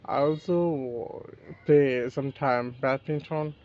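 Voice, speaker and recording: A man with a Bangladeshi accent practicing English in a casual chat, speaking haltingly with broken grammar and restarts. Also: medium pitch, muffled recording. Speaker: English learner.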